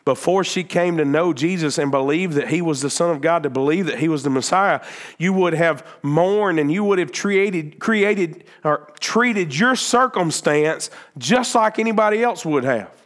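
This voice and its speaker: A male pastor delivers a lively sermon in a voice pitched a little above the usual. He acts out the words of Bible figures in quoted speech. He swings between loud, emphatic peaks and quieter stretches of low explaining. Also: moderate pace.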